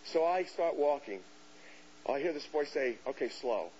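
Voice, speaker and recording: A man's voice: fairly high pitch, a little slow. Man telling a story, dull hissy recording. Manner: animated storyteller, acts out quoted voices. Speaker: lecturer. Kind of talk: storytelling lecture to an audience.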